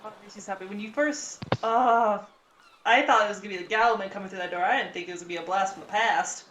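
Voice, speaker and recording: A woman playing a tabletop game, excited and giggly. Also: medium pitch, fast, a little hiss or hum, low-quality recording. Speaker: player.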